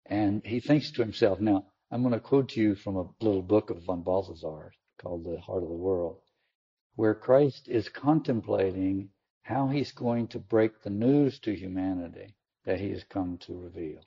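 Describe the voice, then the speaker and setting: Man, preacher type, husky and gravelly, does voices for quotes; muffled lo-fi audio. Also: normal speed. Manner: acts out quoted lines with sudden high pitch. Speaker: Catholic teacher or preacher. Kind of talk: reflective sermon-style talk. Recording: dull lo-fi recording.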